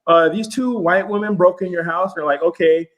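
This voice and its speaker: A man in casual podcast chat, an animated storyteller who swears freely and acts out quotes in raised voices. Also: high voice, moderate pace, low-quality recording.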